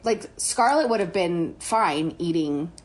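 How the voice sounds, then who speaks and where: Woman in her thirties, podcast co-host, casual candid chat, lively rising and falling pitch. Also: slow pace. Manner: candid, swearing, laughing often.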